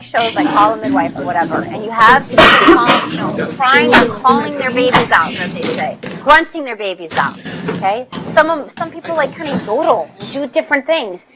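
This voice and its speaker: A woman nursing instructor giving a classroom lecture, energetic and coaxing as she leads the group through exercises. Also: high-pitched. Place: lecture hall. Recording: loud background noise.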